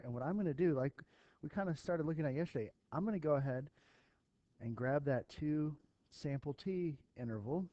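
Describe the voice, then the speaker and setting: A man's voice: mid-range voice, warm tone, no room sound, dull audio. A man teaching a recorded statistics lesson, thinking aloud with fillers as he works through an example for his students. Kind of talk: recorded math lesson walkthrough.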